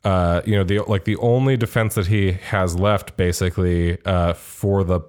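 Low-voiced man ranting casually. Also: fairly even intonation, moderate pace, a little mellow, smooth. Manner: rambling, lots of fillers and swearing. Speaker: podcast co-host. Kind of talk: casual political chat.

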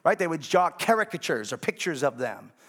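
A man's voice: on the high side, sing-song, brisk, fairly bright tone, husky. Conversational male pastor preaching a sermon. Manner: conversational, checks in with the congregation.

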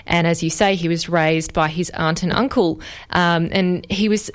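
A woman's voice: on the low side, fairly even intonation, normal speed. A woman hosting an interview, asking long, winding questions. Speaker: interview host. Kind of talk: conversational history interview.

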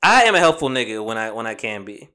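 A man's voice: lowish voice, very animated, sharp tone, clean tone. A man hosting a podcast, chatting casually and telling a rambling story full of fillers and swearing. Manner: says he talks fast. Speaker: podcast host. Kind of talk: casual chat.

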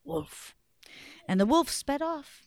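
A woman storyteller telling a folktale live to children, in a lively, animated way. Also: mid-range voice, moderate pace, dry recording, clean studio sound.

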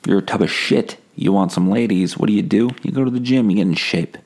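A man hosting a solo comedy podcast, rambling in a deadpan, profane, self-mocking way. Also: on the low side, fairly quick, gravelly.

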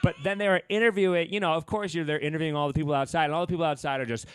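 Brief: man co-hosting a podcast, fairly high voice, rambling and joking, dry close mic. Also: steady tone, very fast, smooth, dry recording. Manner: rambling, full of fillers and restarts; profane, joking. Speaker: podcast co-host. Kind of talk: casual chat.

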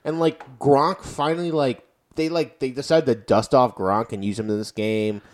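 A young man co-hosting a casual sports podcast, talking fast and getting loud and profane when he relives big plays. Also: medium pitch. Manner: excitable, swears and yells when reliving plays. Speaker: podcast co-host.

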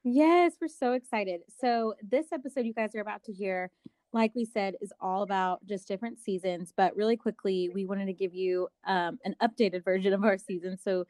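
A woman in her thirties chatting on a podcast with lively enthusiasm. She often says "like" as she talks. Her voice is close on the mic with a dry, roomless sound. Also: mid-range voice, moderate pace, dry recording. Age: 30s. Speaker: podcast co-host. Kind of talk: casual faith podcast chat.

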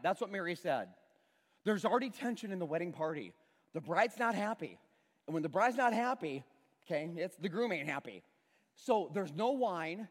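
A high-voiced man preaches to a congregation in a church sanctuary, and his pitch swings widely as he acts out the characters in the story. The long reverb of the hall trails after his words. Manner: animated storytelling, acts out characters and uses a prop. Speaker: pastor. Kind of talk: sermon.

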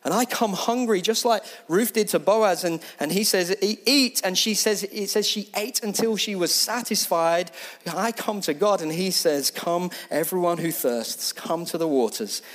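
A male pastor delivering a sermon in a slightly raised voice. He pushes hard through repeated, rhythmic lines, then drops to a soft, hushed tone that is close to a whisper. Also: high voice, normal speed. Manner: impassioned, rising in repeated phrases then dropping to a hushed near-whisper.

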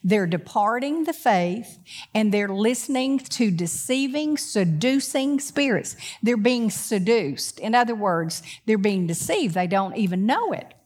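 A woman preaching a sermon. She swings between loud, emphatic preaching and quick conversational asides, often putting questions to the congregation. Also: mid-range voice, expressive.

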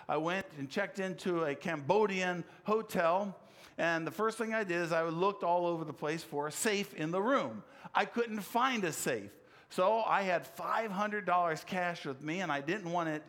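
A man's voice: sits high, a bit bright. A man preaching a sermon, explaining scripture in an earnest way and telling a personal story against himself. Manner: earnest, explanatory, with self-deprecating anecdote. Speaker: pastor.

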